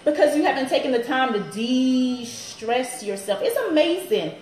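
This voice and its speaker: A woman's voice: high-pitched, lively intonation, normal speed, darkish tone, roomy sound, slight background noise, poor audio. A woman personal trainer in her thirties, chatting upbeat on a live stream to viewers and laughing often.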